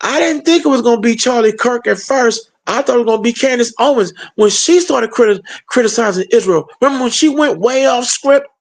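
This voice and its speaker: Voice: medium pitch, brisk, hardly any pauses. A political commentator giving an emphatic, colloquial and sarcastic opinion monologue.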